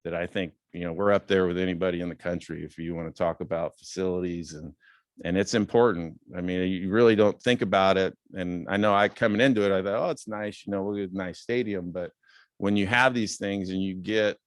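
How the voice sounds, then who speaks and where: A man in his fifties giving a casual talk as a guest speaker, relaxed and rambling with many fillers, lifting his voice when quoting others. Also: low voice, fairly quick, no echo, studio quality. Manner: acts out quoted dialogue in a raised voice. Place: club meeting room.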